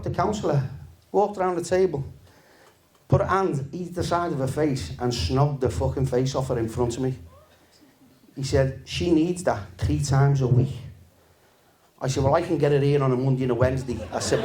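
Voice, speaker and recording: A man, doing a stand-up comedy set in a relaxed, deadpan, sweary storytelling manner to a live audience. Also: fairly high pitch, normal speed, a little hiss or hum. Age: 50s.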